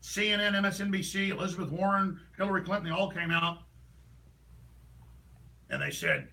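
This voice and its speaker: A man delivering an impassioned, ranting political monologue as a talk show host, heated and rapid with sudden bursts of shouting. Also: sits high, very animated, far from the mic, poor audio.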